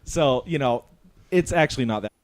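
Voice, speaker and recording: A man co-hosting a podcast with teasing, deadpan jokes in casual chat. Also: mid-range voice, normal speed, slight background noise. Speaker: podcast co-host.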